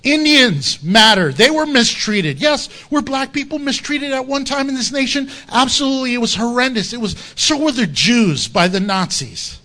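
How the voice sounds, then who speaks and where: High-voiced impassioned preacher man. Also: animated, moderate pace, few pauses, sharp tone. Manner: impassioned, emphatic, conversational. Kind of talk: expository sermon.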